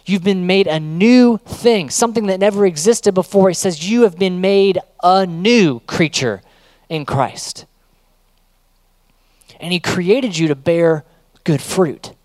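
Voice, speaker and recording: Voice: medium pitch, darkish tone, no room sound. A youth pastor giving a casual sermon, urging listeners on in rhythmic, repeated phrases.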